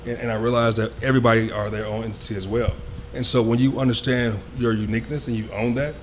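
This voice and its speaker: A man's voice: medium pitch, level tone, fast, a little hiss or hum. A man, a fitness trainer, speaking on a panel in a rambling, earnest way with many fillers. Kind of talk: panel discussion.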